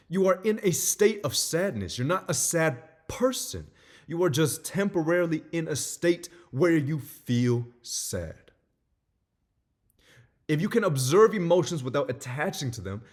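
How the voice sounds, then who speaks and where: A young man giving a motivational self-help talk, animated and acting out little scenes as he explains. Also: a little high.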